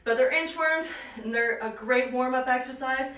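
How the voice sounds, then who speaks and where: A woman's voice: high voice, moderate pace, fairly bright tone. A young woman leading an online home workout, upbeat as she counts reps and cues each move, out of breath from exercising. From Canada. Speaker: fitness instructor. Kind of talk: live online workout class. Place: small room at home. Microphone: camera at a distance. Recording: echoey room, voice far from mic.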